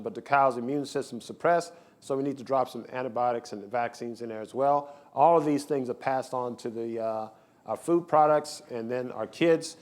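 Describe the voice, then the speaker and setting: A man's voice: mid-range voice, darkish tone. Emphatic male doctor lecturing. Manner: emphatic, repetitive, rhetorical lecturing. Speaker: physician giving a lecture. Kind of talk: health symposium lecture. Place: lecture hall with slides.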